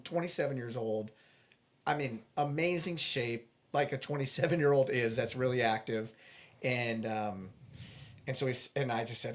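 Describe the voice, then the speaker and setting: A male guest with a mid-range voice tells a personal story in a podcast interview. He's earnest, acts out the dialogue, and frequently restarts his sentences.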